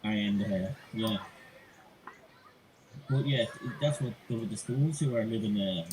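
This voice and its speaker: A man's voice: on the low side, a little slow, a little mellow, slight background noise, rough recording. A man hosting a live stream, chatting in a rambling way, swearing and acting out quoted people. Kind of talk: rambling casual chat.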